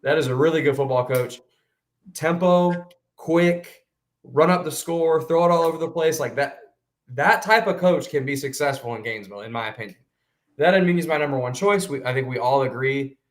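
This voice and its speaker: A man co-hosting a sports podcast, talking casually in an animated, emphatic way with quick restarts. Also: fairly high pitch.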